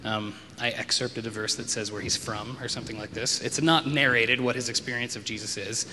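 A man's voice: mid-range voice, fairly even intonation, brisk, sharp tone, a little hiss or hum. A man giving a conversational sermon as a pastor, reflective and loose, with frequent ums and wry asides. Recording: long reverb of a large hall.

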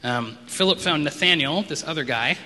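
A man delivers a relaxed, conversational sermon, thinking aloud with plenty of ums and wry side remarks. His voice is bright and sharp. It rings with the long reverb of a large hall, over a faint hum of background noise. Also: a little high, normal speed. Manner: reflective, loose delivery with frequent ums and wry asides. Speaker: pastor.

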